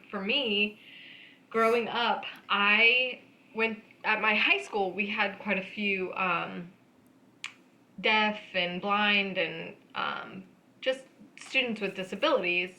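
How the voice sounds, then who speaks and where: A woman's voice: mid-range voice, slow pace, bright, forceful tone, poor audio. A woman co-hosting a podcast, talking about her past in an earnest, reflective way. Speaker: podcast co-host. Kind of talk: casual chat.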